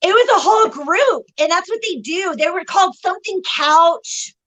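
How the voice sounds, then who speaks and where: A woman co-hosting a psychic reading live stream, telling stories in an animated, emphatic way. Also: extremely high pitch, moderate pace, rough recording. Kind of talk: casual live-stream chat.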